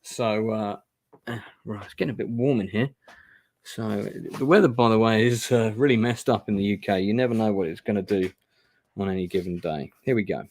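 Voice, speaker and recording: A man's voice: on the low side, brisk, darkish tone. Chatty man reading a gamebook. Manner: chatty, self-deprecating asides. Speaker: host playing a gamebook live. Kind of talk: casual live-stream narration. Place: indoor room.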